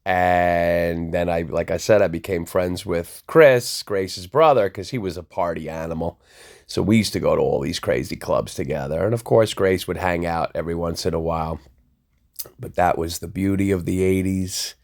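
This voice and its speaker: A man tells his story in a low, gravelly voice. He talks casually and acts out the people he quotes. The pitch sits deep throughout. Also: moderate pace, darkish tone. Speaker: DJ telling a personal story.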